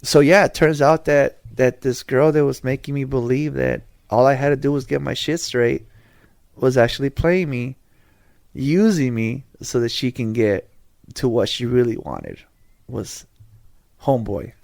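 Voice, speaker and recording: A man's voice: medium pitch, a little slow, creaky, a little mellow, no room sound. Dry-voiced man telling a rambling story. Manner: rambling, slangy, lots of restarts. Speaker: podcast host. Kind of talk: casual storytelling chat.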